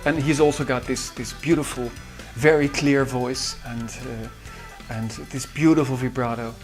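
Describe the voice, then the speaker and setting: A man with a Dutch accent, a musician recalling studio sessions in a halting way with many fillers. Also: mid-range voice, steady tone, faint music behind. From Netherlands. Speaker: musician and producer. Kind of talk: behind-the-scenes recollection.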